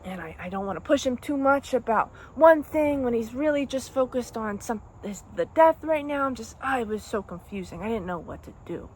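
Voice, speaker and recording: A woman's voice: fairly high pitch, expressive, a little fast, hardly any pauses, darkish tone, slight background noise. A young woman telling a personal breakup story in a casual, rambling, emotional way, full of "like" and "dude". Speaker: vlogger.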